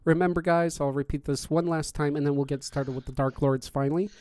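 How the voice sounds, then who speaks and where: Rambling podcast host, dry sound. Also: male voice, a little high, steady tone, a little fast, few pauses, darkish tone, clean tone, no room sound. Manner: rambling, many fillers and restarts. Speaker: podcast host and contest judge. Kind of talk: casual live-stream chat.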